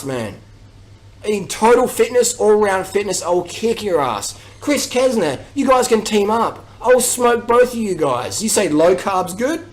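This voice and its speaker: A man's voice: high-pitched, poor audio. A man ranting on his vlog, aggressive and mocking, swearing heavily. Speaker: vlogger. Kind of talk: profane rant.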